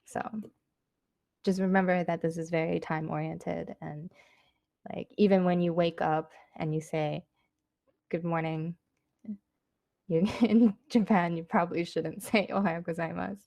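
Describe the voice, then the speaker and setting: A woman giving a casual online language lesson, chatty and loose with lots of fillers, saying practice phrases slowly and clearly. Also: fairly low pitch, steady tone, darkish tone, no echo, clean studio sound. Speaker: Japanese language teacher.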